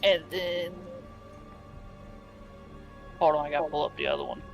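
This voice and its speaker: A player in a tabletop game talks through a character's dreams and actions in a mid-range voice. The delivery is casual and halting, full of searching pauses. Quiet music plays behind. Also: mid-range voice, steady tone, vocal fry, low-quality recording.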